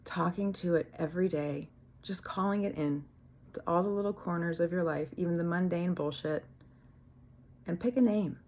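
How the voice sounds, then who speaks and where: A woman's voice: lowish voice, fairly even intonation, a little fast, a little mellow. A woman talking casually and candidly in a spiritual vlog, rambling a little, swearing freely and laughing at herself. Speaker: spiritual vlogger.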